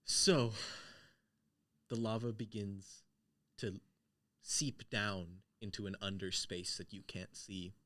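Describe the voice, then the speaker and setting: A man narrating as game master in an animated, dramatic way. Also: fairly low pitch, slow, no room sound.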